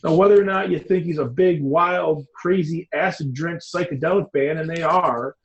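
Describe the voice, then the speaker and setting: Animated, rambling middle-aged man. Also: fairly high pitch, moderate pace, highs cut off. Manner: animated, rambling, emphatic storyteller. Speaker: interview guest, designer. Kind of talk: casual interview talk.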